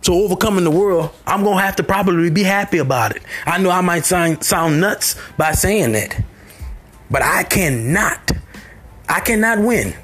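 A motivational speaker delivers a sermon in a somewhat high, husky voice at normal speed with lively intonation. He repeats short phrases over and over, building toward shouts at the peaks, as faint music plays beneath.

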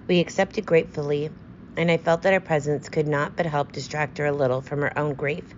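A woman reading a story aloud as its narrator, in a steady, measured way. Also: low-pitched, highs cut off, a little hiss or hum. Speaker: audiobook narrator. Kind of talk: scripted narration.

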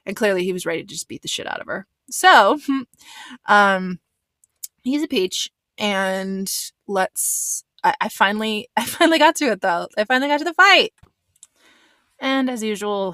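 A woman's voice: mid-range voice, sing-song, normal speed, pushed and bright, no echo. A woman giving a casual recap commentary of a reality show, blunt and swearing, with lots of fillers. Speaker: reaction commentator.

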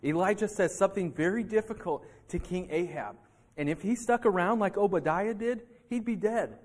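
In a church sanctuary, a pastor with a high-pitched voice speaks at normal speed. He preaches with animation, playing out heated exchanges between people and dramatizing their angry words.

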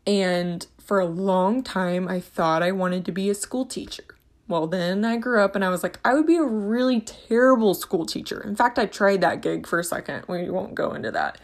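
A woman's voice: on the low side, creaky. A woman hosting a casual faith-and-money monologue, talking in an earnest, rambling, passionate way.

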